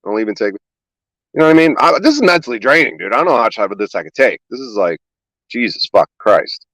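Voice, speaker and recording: Fast, profane, exasperated comedian man. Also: mid-range voice, sing-song, dry recording, rough recording. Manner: loud, exasperated, sarcastic, rapid-fire swearing. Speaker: comedian guest on a livestream podcast.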